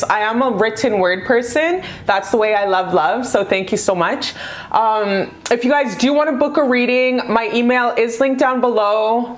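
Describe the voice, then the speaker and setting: A woman reading tarot in casual chat, effusive and affectionate, swearing freely as she talks to viewers. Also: fairly high pitch. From Canada. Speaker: tarot reader.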